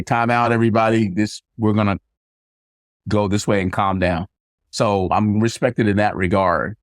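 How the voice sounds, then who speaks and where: A man's voice: lowish voice, no room sound, studio quality. Older man telling family stories. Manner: animated storyteller acting out quoted dialogue. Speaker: guest, retired army sergeant major. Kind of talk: casual storytelling interview.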